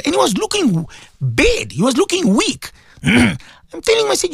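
Animated man hosting live radio. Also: very high-pitched, a little fast, vocal fry, slightly rough, no room sound, clean studio sound. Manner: warm, preachy, animated, addresses listeners often. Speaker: radio host. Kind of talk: casual live radio talk.

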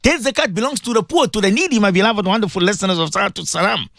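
A man's voice: sits high, very fast, gravelly, fairly bright tone, no echo, clean studio sound. A man, a Muslim cleric hosting a radio show, preaching fervently and pleading with his listeners, repeating phrases for emphasis. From South Africa. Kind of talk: impassioned radio sermon.

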